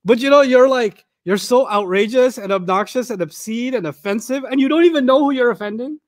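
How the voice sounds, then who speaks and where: A man's voice: extremely high pitch, a little fast, dry recording, clean studio sound. A middle-aged man giving a Quran lecture, telling stories in a humorous, conversational way. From Pakistan. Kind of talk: storytelling sermon lecture.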